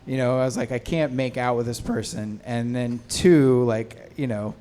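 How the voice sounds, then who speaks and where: A man's voice: mid-range voice, moderate pace, warm tone, a little hiss or hum. Rambling man on a film panel. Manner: rambling, many fillers and restarts. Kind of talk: casual anecdote on a panel.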